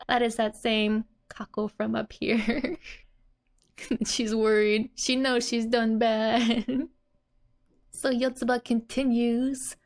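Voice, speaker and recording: A woman's voice: fairly high pitch, flat delivery, slow, pauses often, a little mellow. A young adult woman teaching a language lesson in a casual, explanatory way, giggling often between her explanations.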